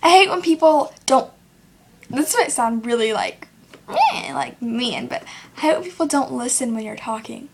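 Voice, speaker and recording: A woman's voice: fairly high pitch, lively intonation, normal speed, creaky, breathy edge. A teenage girl vlogging at home to her own camera, rambling casually with lots of fillers and acting out what other people say. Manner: rambling, filler-heavy, acts out quoted people. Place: at home, seated in a chair. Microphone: self-recorded camera.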